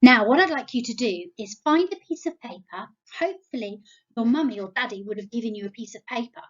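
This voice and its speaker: Leading young children in a Bible lesson, this English-accented woman speaks a little high, slowly and playfully, with lots of animation and encouragement for them to participate. The church home video has lo-fi sound.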